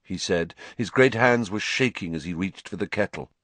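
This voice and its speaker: A man narrating a storybook as an audiobook, with an expressive, dramatic reading. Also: low voice, normal speed, no echo.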